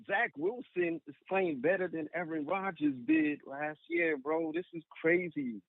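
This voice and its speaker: Fan calling in, higher-voiced man, gravelly, phone-line sound. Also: measured pace, no room sound. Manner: disgusted, laughing in disbelief, lively. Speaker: caller. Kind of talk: call-in phone rant.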